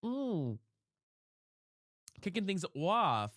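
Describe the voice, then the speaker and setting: A chatty young man on a live stream, his pitch leaping up and down as he talks to his viewers between moves in a game. He speaks a bit higher than most men, and the sound is close and dry, with no room echo. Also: very slow. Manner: chatty and animated, greets chat by name, swears casually. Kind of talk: casual live-stream chat while playing a game. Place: room at home.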